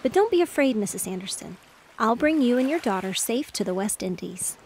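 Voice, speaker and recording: A woman's voice: fairly high pitch, sing-song, fairly quick, darkish tone, slight background noise. A woman voicing an eager little boy who bossily plays ship captain in a bedtime story reading. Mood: playful. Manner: bossy, make-believe sternness.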